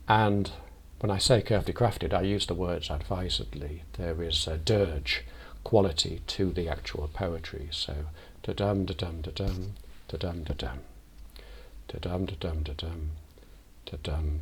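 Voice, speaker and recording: A parish priest giving a measured, thoughtful reflection as a sermon. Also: male voice, low-pitched, a bit bright, slight background noise. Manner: measured, thoughtful, deliberate delivery.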